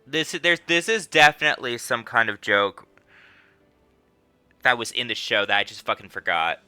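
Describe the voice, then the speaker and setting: A man's voice: medium pitch, lively intonation, normal speed, sharp tone, smooth, no echo. A young man streaming a game, laughing, swearing and joking as he plays. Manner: laughs a lot, swears, jokey. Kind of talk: casual gameplay commentary. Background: game music.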